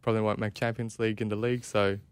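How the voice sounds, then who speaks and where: A man's voice: lowish voice, little pitch movement, racing, clear, resonant tone, no room sound. A man co-hosting a casual football podcast, wry and self-mocking, rambling a little as he talks. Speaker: podcast co-host.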